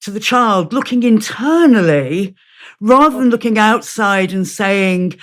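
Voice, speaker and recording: Woman guest on a podcast, mid-pitched voice, calm and measured, talks through examples. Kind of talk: podcast conversation.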